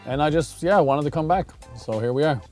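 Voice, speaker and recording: A man's voice: on the high side, darkish tone, soft background music. Wisecracking man. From Newfoundland, Canada. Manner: wisecracking, playful, quick comebacks. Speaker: comedian guest. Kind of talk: joking talk show chat.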